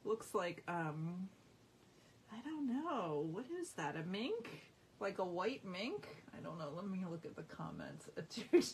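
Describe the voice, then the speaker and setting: Slow, giggly woman showing craft paper. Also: lowish voice, sing-song, a little hiss or hum. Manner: giggly, amused, chatty. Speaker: craft demonstrator. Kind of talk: live-stream product showing.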